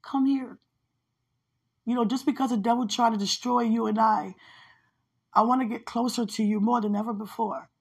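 Husky-voiced woman giving heartfelt testimony. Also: on the high side, fairly even intonation, fairly quick. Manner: heartfelt, conversational, repeats phrases for emphasis. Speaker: minister. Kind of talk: personal spiritual testimony monologue.

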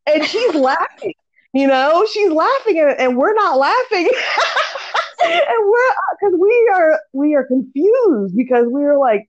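Podcast co-host, woman, high lively voice, giggly storyteller, dull lo-fi sound. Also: unhurried. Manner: laughs hard and often, swears freely. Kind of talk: casual chat, storytelling.

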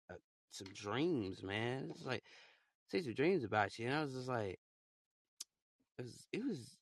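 A young man talks loosely on his podcast, full of fillers and slang. His voice has a gravelly, bright edge. He sits close to the mic in a dry, dead room. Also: medium pitch, dry recording. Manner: rambling, loose slangy talk with many fillers. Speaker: podcast host. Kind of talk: casual podcast chat.

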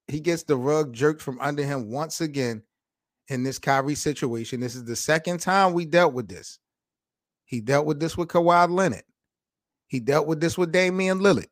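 A male sports talk host rants in disbelief, loose and slangy, his voice sitting fairly high and jumping up when he is shocked. The sound is close and dry, with no room around it. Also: no echo. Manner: excitable, incredulous, slangy, shouts in disbelief. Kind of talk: animated sports talk commentary.

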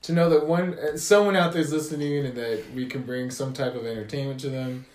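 A man's voice: mid-range voice, a little fast, slight background noise. A young man in his twenties co-hosting a casual podcast, telling a story with lots of swearing and acted-out quotes. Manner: profane, animated storytelling with mimicked quotes. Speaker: podcast co-host. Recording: echoey room.

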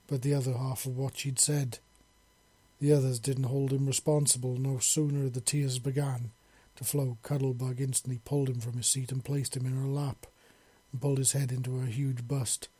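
A man reads a story aloud in a plain, unpolished way, with occasional slips and restarts. His voice is mellow and slightly husky. The recording is dry and close. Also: medium pitch, dry recording.

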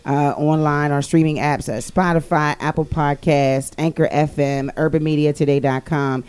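A woman hosting a podcast, chatting loudly and laughing with her co-hosts. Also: deep voice, level tone, moderate pace, smooth. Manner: loud, laughing, rowdy banter. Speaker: podcast host. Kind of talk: casual chat.

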